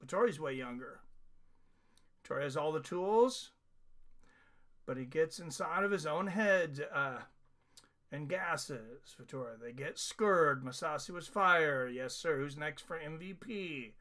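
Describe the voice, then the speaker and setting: Expressive and unhurried, a man with a bright, forceful, high-leaning voice hosts a live stream where viewers watch a fight together. He reads their comments aloud in a casual chat and laughs a lot.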